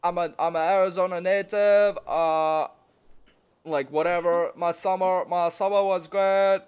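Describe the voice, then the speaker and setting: Guy doing a teen boy who can't say his r's, halting, lots of uhs, pitched up. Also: fairly even intonation, a little mellow, smooth. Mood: bland. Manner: halting, filler-laden.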